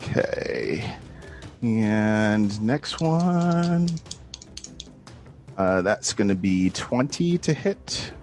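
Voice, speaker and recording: A low-voiced man reads out his attacks slowly and playfully, his pitch swinging up and down. Soft music sits under the video call. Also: sing-song. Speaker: player. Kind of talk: casual tabletop play over a video call.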